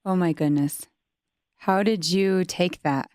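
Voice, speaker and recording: A woman hosting a podcast asks her guest short prompting questions. Her voice is smooth and clear, pitched a little low. The sound is dry and close. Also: slow, darkish tone, no echo. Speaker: podcast host. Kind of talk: interviewer questions.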